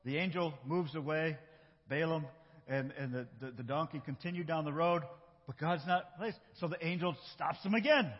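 A man acting out a Bible story with children in a church, animated and coaching his young helpers. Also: a little high. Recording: echoey hall, dull lo-fi sound.

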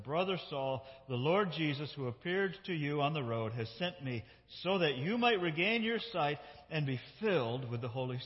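A male lead pastor preaching a sermon, reading scripture aloud with emphatic character lines and asking the congregation questions. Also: medium pitch. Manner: conversational, asks the congregation questions. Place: church sanctuary. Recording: dull reverberant church hall sound.

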